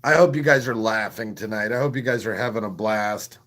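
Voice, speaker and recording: On a live stream, a man with a fairly low, fairly bright voice spins crude comic tales at a slightly quick pace. The stories mock himself, and coughing fits break up his laughter at his own jokes.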